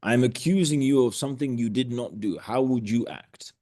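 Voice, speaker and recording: A man's voice: medium pitch, mellow, dry recording, clean studio sound. A man coaching trainees over a video call, blunt and direct as he runs role-play drills. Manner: blunt, direct, quick to cut in. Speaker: sales coach.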